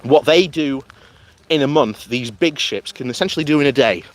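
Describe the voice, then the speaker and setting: This political vlogger speaks at a moderate pace in a medium pitch while walking outside in the morning. Holding the camera himself, he offers loose, rambling political talk and laughs a lot as he goes.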